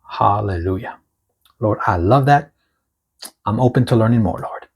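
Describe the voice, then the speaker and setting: Husky, fervent man reading a prophecy. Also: on the low side. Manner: fervent, swings from loud exclamations to hushed whispers; slow, drawn-out emphasis on key words. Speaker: host of a prophetic word channel. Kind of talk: reading and commenting on a prophetic word.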